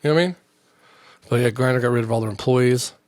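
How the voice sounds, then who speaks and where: A man's voice: mid-range voice, fast, darkish tone, no echo, studio quality. A man hosting a comedy podcast alone, rambling, profane and jokey. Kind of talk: rambling solo podcast chat.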